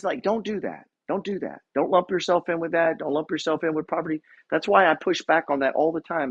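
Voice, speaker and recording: A man's voice: fairly high pitch, slightly rough. A man investor giving a blunt, profane motivational rant about money and real estate. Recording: dull lo-fi recording.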